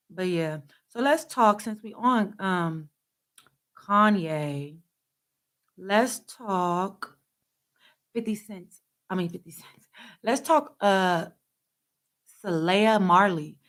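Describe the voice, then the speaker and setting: A woman's voice: mid-range voice, a bit bright. Sassy, blunt woman host. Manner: sassy, blunt, talks back to clips. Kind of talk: casual commentary.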